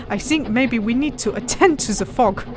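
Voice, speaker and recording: A woman's voice: fairly high pitch, noisy background. A woman hosting a let's play who chats casually, reads the game text aloud with playful emphasis and giggles often. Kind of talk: casual gameplay chat and reading aloud.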